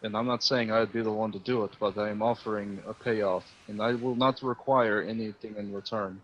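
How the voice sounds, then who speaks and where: A man playing his character in a tabletop game, calm and measured. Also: fairly low pitch, a little hiss or hum. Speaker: player. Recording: dull lo-fi audio.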